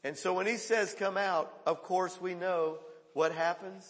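A male pastor preaching a sermon, swinging between loud calls and hushed quoted lines. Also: high voice, steady tone, a little slow, big-room sound.

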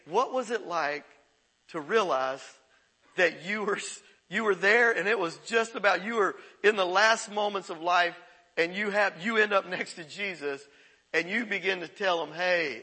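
A man's voice: high voice, pushed and bright, husky, rough recording. A middle-aged male pastor preaching a sermon in a conversational way, chuckling and repeating himself. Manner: conversational preaching with laughs and repetitions.

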